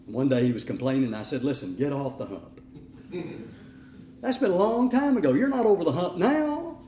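A middle-aged man preaching a sermon in an animated way, sometimes mimicking whiny voices. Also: high-pitched, normal speed, reverberant, a little hiss or hum. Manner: animated, acts out whining voices.

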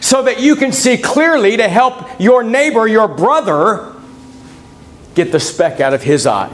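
A man's voice: animated, unhurried, a bit bright. A middle-aged man preaching a folksy sermon, reading scripture aloud and telling personal stories. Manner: folksy, reads scripture aloud, pitch swings widely between points.

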